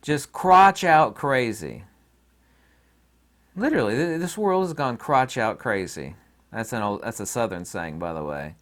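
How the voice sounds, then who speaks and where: A man's voice: medium pitch, sing-song, unhurried, a bit bright. A man hosting his own channel, talking in a rambling, opinionated and folksy casual monologue. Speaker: channel host.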